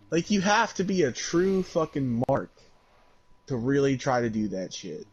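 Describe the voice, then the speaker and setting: A man's voice: mid-range voice, animated, slow pace, pauses often, husky, highs cut off. A man co-hosting a podcast in casual chat, grumbling with frustration, swearing and laughing. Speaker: podcast co-host.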